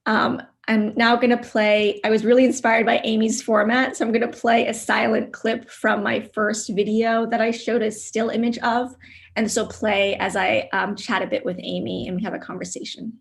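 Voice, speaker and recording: Gravelly-voiced woman presenting her art. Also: on the high side, flat delivery, normal speed. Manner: soft-spoken and reflective, with frequent ums. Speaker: artist presenting her work. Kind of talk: virtual studio visit presentation. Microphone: video call.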